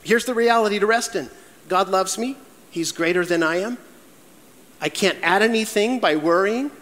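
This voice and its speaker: High-voiced, animated preaching man. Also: moderate pace. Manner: animated storytelling with acted-out voices. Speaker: pastor. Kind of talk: sermon. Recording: echoey hall with long reverb.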